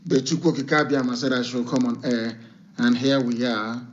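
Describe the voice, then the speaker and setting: Over dull, lo-fi broadcast audio, a Nigerian broadcaster addresses his supporters with passion, issuing commands and repeating them for emphasis. His mid-range voice is steady and fairly quick, though still not fully healed from illness.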